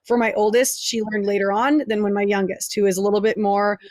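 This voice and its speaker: A woman's voice: medium pitch, fairly even intonation, brisk, darkish tone, no room sound. A woman chatting candidly as a podcast guest about raising her kids, talking loosely with many fillers. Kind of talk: casual chat.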